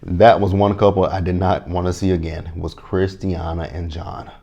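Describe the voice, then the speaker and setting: Low-voiced man with blunt vlog chatter. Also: little pitch movement, normal speed, gravelly, dark tone. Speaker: TV reality show reviewer. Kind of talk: casual commentary to camera.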